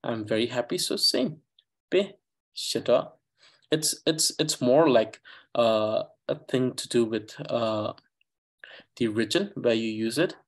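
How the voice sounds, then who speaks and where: A man with an Eastern Tibetan accent teaching a language class over a video call, pausing often with fillers as he thinks aloud. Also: medium pitch. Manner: halting, many fillers, thinks aloud while explaining.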